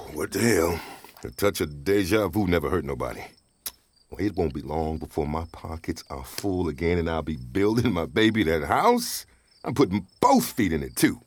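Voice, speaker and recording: The speaker performs in a radio drama as a down-on-his-luck divorced father who is talkative, wisecracking, and often laughing. His voice sits low and is very animated, at a normal speed.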